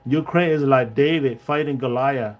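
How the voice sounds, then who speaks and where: A man with a medium-pitched voice hosts a livestream at a normal pace, offering his opinions in a casual monologue. His English is broken and non-native, full of restarts and direct check-ins with his viewers.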